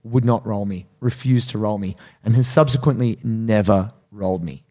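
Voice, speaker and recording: A man co-hosting a podcast, telling a story in casual chat and acting out quotes in a higher voice. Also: moderate pace. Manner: animated, acts out quotes in high voices. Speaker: podcast co-host.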